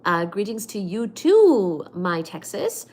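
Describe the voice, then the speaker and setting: A woman hosts a casual livestream, reading viewers' comments one after another and answering each. She is chatty and playful, warm with her regulars, and her voice sits at a middling pitch. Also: sing-song, takes it slowly. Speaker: livestream host. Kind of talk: reading live chat comments.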